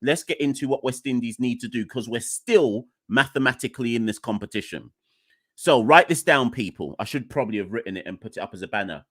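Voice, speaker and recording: A man hosting a live podcast from home, chatty and rambling, low on energy and exasperated. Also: brisk. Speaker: podcast host. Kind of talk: casual live-stream chat. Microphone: desk microphone, unplugged at first.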